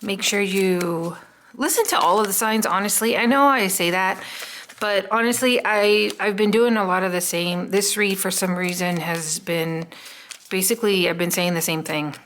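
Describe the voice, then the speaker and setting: A woman's voice: medium pitch, normal speed, fairly bright tone, a little hiss or hum. A woman doing a casual, chatty tarot reading, musing aloud with many "um" fillers. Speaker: tarot card reader.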